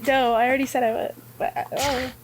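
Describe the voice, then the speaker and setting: A woman's voice: high voice, level tone, rapid-fire, noisy background. A woman co-hosting a podcast in casual discussion, giggly and meandering in how she talks. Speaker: podcast co-host.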